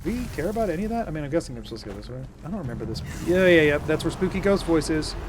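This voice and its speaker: Lively, high-voiced man streaming a game. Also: very fast, music in the background. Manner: playful, jokey, talks to chat. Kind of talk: casual gameplay commentary.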